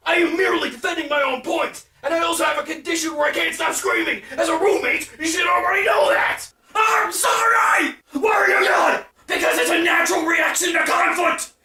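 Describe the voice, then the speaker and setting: High, bright, screaming cartoon roommates voiced by a woman, echoey room. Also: brisk, hardly any pauses, recorded from a distance, full character voice. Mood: yelling. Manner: yelling nonstop, frantic and argumentative. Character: screaming young roommates in a petty feud. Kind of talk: cartoon voice acting.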